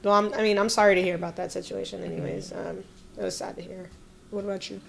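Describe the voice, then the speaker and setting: A woman co-hosting a podcast who talks in a casual, reflective way, often hesitating and trailing off softly. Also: mid-range voice, little pitch movement, fast, vocal fry, a loud crowd. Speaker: podcast co-host. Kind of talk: casual chat.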